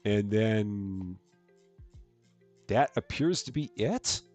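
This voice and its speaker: A man's voice: on the low side, expressive, drawn-out words, a little mellow, soft background music. A man hosting a live stream of a store-running game, chatting casually, reading out jokes and greeting chat viewers. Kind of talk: casual gameplay commentary.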